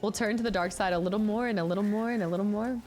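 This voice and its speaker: A woman's voice: medium pitch, racing, a little mellow, a little hiss or hum. Chatty woman streamer, late twenties. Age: late 20s. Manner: chatty, reacts to chat, laughs often. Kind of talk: casual gaming livestream chat.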